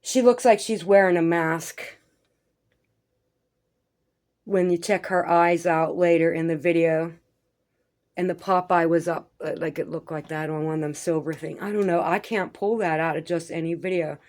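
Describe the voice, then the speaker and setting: Lady vlogger rambling about hidden symbols in videos, kinda low voice. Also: steady tone, moderate pace, a little mellow. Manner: rambling, conspiratorial, swears casually. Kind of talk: casual commentary over a video.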